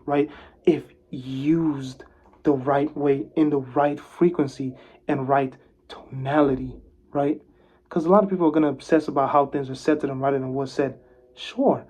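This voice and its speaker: A man giving a motivational talk to camera, swinging from loud, animated bursts to soft, hushed calm as he moves toward and away from the camera. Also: on the high side, breathy edge, highs cut off. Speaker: vlogger giving advice. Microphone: camera mic, speaker moving closer and farther.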